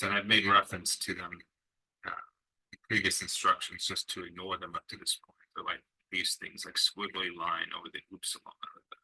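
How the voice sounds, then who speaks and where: A man teaching a recorded language lesson in a relaxed way, pausing with fillers and sounding out syllables slowly. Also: on the low side, rough recording. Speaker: Greek teacher.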